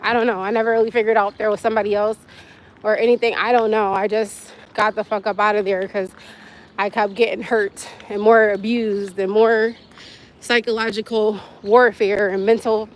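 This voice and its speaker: This young woman hosts a casual livestream from her phone, talking with viewers in a mid-range voice at normal speed with a flat delivery. She's candid and rambling, and she laughs a lot.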